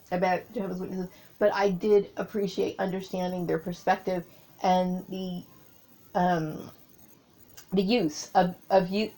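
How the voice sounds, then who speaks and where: A woman talking through a personal memory in a rambling monologue, often pausing to search for her words. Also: mid-range voice, gravelly, darkish tone, rough recording.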